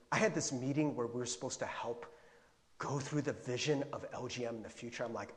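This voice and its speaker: A man preaching a sermon in a conversational, animated way, acting out his own worried thoughts. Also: mid-range voice, fairly quick, long reverb tail. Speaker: pastor.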